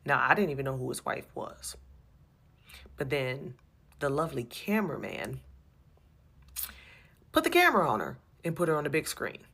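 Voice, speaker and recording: A woman telling an animated, exasperated personal story about her church, repeating herself as she goes. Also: low voice, moderate pace, long pauses. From USA.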